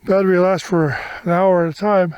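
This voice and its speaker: A man's voice: sits high, level tone, fairly quick, clean tone, no echo, highs cut off. A man filming his hike outdoors, out of breath and rambling casually about the trail, with the mic close to his mouth. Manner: rambling, self-deprecating chatter. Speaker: hiker filming his walk. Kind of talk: casual vlog narration. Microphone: camera mic close to mouth.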